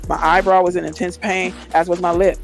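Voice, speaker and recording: A man with a fairly high voice reads a memoir aloud for a live reaction stream. His delivery is dramatic, and he breaks off to comment on what he reads. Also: level tone, fairly quick, gravelly, soft background music.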